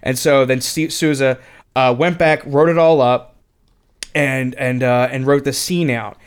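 A man talks films in a loose, conversational way, circling back and restarting his sentences as he retells behind-the-scenes stories. His pitch sits right in the middle for a man. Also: steady tone, measured pace, clean tone. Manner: rambling, with many restarts and retold quotes. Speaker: podcast co-host. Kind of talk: casual film commentary chat.

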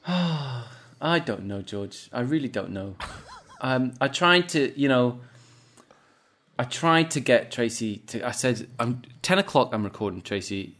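A man's voice: medium pitch, lively intonation, slow, fairly bright tone. Brief: male podcast co-host, hesitant, rambling talker. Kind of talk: casual chat.

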